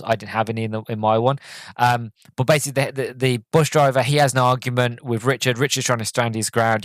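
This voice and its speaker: A British man with a medium-pitched, fairly bright voice hosts a podcast, casually reviewing a film with no echo on the recording. He rambles, using many fillers and restarts, and retells scenes in quoted voices.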